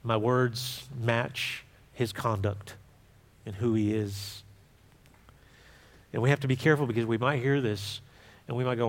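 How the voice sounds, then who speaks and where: A man preaching a sermon as a pastor, talking to the congregation in a conversational way that swings between forceful emphasis and quiet asides. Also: medium pitch, fairly even intonation, moderate pace. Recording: long hall reverb.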